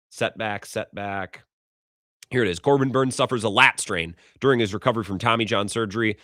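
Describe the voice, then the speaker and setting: A man's voice: fairly low pitch, bright, forceful tone, no echo, studio quality. A man hosting a sports radio show, ranting with exasperation and mocking quoted voices. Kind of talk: casual sports talk.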